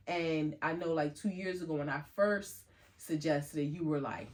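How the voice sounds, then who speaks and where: A middle-aged woman co-hosting a relaxed podcast chat. Her voice sits a little low, and she tells stories with animation. She acts out quoted lines with a lift in her voice. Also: moderate pace. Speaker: podcast co-host. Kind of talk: casual chat.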